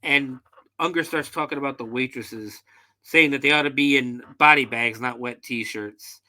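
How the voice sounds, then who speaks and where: A man's voice: mid-range voice, moderate pace, sharp tone. A man hosting a podcast, recapping a film in casual, profane storytelling with loose fillers. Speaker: podcast host.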